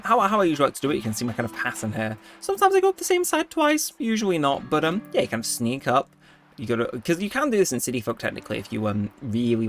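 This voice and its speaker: A man giving chatty, rambling gameplay commentary, easily excited. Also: medium pitch. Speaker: gaming video host.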